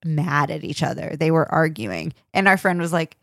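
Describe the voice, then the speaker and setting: A woman's voice: deep voice, lively intonation, moderate pace, creaky, hardly any pauses, a bit bright, no room sound, studio quality. A woman co-hosting a casual podcast chat, telling stories with a teasing, giggly manner. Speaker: podcast co-host.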